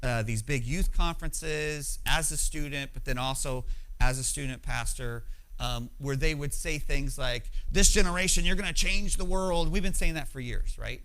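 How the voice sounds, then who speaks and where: A man's voice: mid-range voice, normal speed, a bit bright, rough recording. A pastor, a man in his thirties, giving a conversational, emphatic sermon that keeps checking in with his listeners. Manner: conversational, emphatic, frequent "right?" asides.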